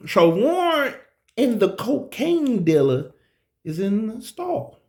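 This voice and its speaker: A man telling a profane personal story on a live stream, swinging between low asides and high, shouted quotes. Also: huge pitch swings, slow pace, long pauses, reverberant.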